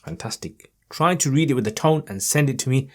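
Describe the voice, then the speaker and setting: A man in a mid-range voice leads a Quran reading lesson, addressing the viewers directly and cheering them on. When he recites, he stretches the sounds slowly and with care. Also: medium pitch. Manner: slow, stretched chanting in recited passages.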